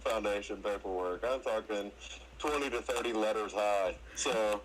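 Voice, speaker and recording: A man's voice: on the low side, normal speed, slight background noise, low-quality recording. Easygoing colloquial man. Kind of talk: casual live audio chat.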